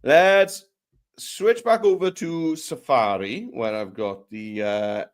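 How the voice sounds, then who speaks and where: A man's voice: mid-range voice, slow pace. A man giving a live screen tutorial, talking through each step in a playful, jokey way.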